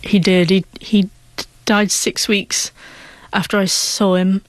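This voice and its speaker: A woman's voice: medium pitch, little pitch movement, slow pace, no echo. A young woman with a stutter, telling a heartfelt personal story as an interview guest, sometimes getting emotional.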